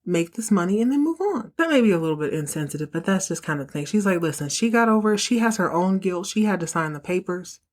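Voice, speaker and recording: Woman podcast host, low-ish voice, slangy and opinionated casual recap.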